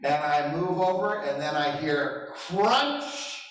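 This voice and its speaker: Animated man storytelling in an echoey hall. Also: a little high, takes it slowly. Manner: animated, self-deprecating storyteller with chuckles. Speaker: real estate trainer at a company summit. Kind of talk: motivational storytelling speech. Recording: echoey hall, distant mic.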